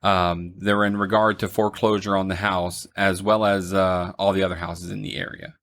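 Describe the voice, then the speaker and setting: A young man co-hosting a casual movie review podcast, retelling the plot with frequent ums and quick laughs. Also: low voice, little pitch movement, fairly bright tone. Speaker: podcast co-host.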